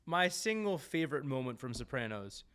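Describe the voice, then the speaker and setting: Podcast host, New man, mid-pitched, animated and jokey, trips over his words. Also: moderate pace, clear, resonant tone. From New Jersey. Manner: animated, stumbling restarts, joking. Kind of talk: casual chat.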